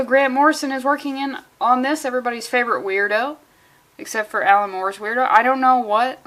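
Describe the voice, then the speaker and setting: A woman's voice: fairly high pitch, a bit bright. A woman reviewing a comic book in a casual vlog, rambling off on sarcastic tangents and swearing often.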